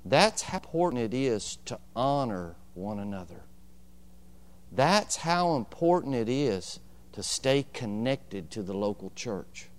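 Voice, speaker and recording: A male pastor with a smooth, resonant voice delivers a sermon through personal storytelling. He keeps turning to the congregation for agreement, and his pitch sits in a middle range. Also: animated, a little slow.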